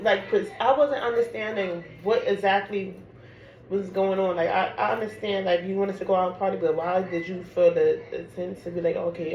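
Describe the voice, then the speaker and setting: New woman, casual storytime vlogger, animated and chatty, roomy echo, noisy background. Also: mid-range voice, dull audio. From Harlem, New York. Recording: echoey room with background noise.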